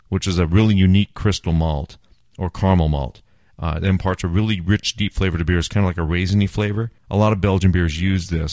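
A man's voice: low-pitched, a little mellow, no echo, clean studio sound. A man hosting a casual beer podcast, enthusiastic and self-mocking as he chats and jokes. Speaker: podcast host.

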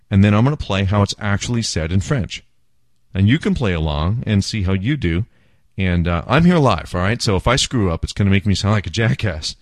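A man's voice: sits low, no room sound, clean studio sound. A man hosting a casual beer podcast, enthusiastic and self-mocking as he chats and jokes. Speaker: podcast host.

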